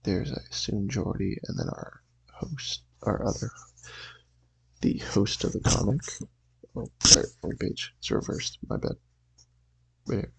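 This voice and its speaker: A young man hosting a channel, reading a comic aloud in a casual, rambling way with a raspy voice. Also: on the low side, huge pitch swings, a little slow, pauses often, slight background noise, rough recording. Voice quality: raspy, gravelly.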